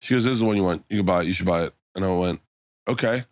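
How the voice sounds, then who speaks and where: Low-voiced man telling a rowdy anecdote. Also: racing, dry recording, studio quality. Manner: rambling anecdote, acts out quoted dialogue, swears freely. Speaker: comedian guest. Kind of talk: podcast storytelling.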